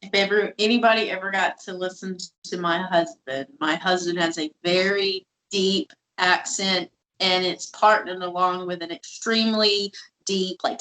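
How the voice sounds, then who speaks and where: A woman's voice: fairly low pitch, unhurried, poor audio. A woman with a polished South Carolina Southern accent, co-hosting a casual podcast and telling stories with lots of "like.". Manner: animated storytelling, uses "like" often. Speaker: podcast co-host.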